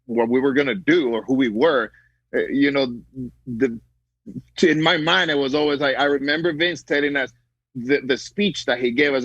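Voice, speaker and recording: Animated male actor, dry sound. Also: medium pitch, normal speed, dry recording, highs cut off. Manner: animated, emphatic storytelling. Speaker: actor guest. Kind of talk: casual interview chat.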